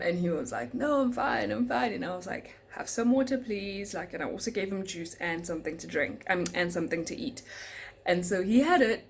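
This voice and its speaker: A woman's voice: lowish voice, a little hiss or hum. A young South African woman, a flight attendant, chatting casually to camera and acting out the lines of the people in her story. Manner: animated, acts out passengers' lines in quotes. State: tired, speaking softly in the morning.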